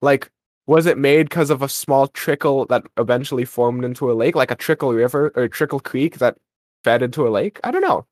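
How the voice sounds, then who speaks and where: A man's voice: mid-range voice, fairly quick, a little mellow, no room sound, studio quality. A young man co-hosting a podcast, chatting casually about a radio drama episode and wandering off on self-interrupting tangents. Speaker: podcast co-host.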